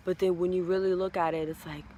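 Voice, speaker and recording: A man's voice: high voice, flat delivery, quick pace, mellow, slight background noise. A man talking as a tarot reader in a casual spiritual vlog, rambling and heartfelt, swearing now and then.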